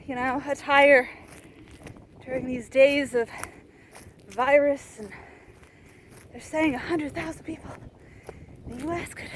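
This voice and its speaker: A woman's voice: high-pitched, steady tone, unhurried, pauses often, slight background noise. A woman vlogging outdoors on a farm with alpacas, talking in a playful, theatrical way as she films with a handheld camera. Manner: playful, theatrical, mock-grand phrasing. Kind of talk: casual outdoor vlog commentary.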